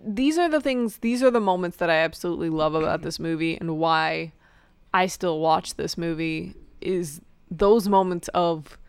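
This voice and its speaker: A woman's voice: on the low side, moderate pace, clean tone, no echo. A woman co-hosting a casual movie podcast, talking with enthusiasm about the moments she loves. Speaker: podcast co-host.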